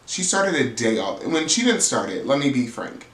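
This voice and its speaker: A man's voice: medium pitch, sing-song, normal speed, fairly bright tone, reverberant, poor audio. A man giving a casual, gossipy, profane recap of a reality TV episode, sassy and chatty as he talks straight to his viewers. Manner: sassy, profane, chatty, calls people "girl".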